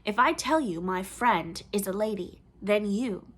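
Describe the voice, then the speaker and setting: A spirited young noble girl speaks up with firm pride and a teasing streak, voiced by a woman reading aloud. The storybook voice stays close to the reader's own, just a touch brighter and higher. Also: animated, unhurried. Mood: haughty. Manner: firm, proud, playful.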